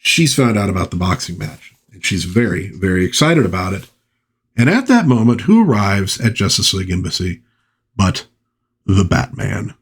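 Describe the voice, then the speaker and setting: A man talks through a comic book in a casual review, recapping the plot and stopping for chatty asides. His voice sits on the low side and has a husky edge. He moves easily between summary and reading the panel dialogue aloud. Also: big pitch swings, moderate pace. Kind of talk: casual commentary.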